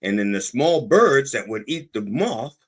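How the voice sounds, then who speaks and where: A podcast host with a medium-pitched, sing-song voice talks a little slowly through a casual monologue. He rambles, digresses, and interrupts himself as he goes.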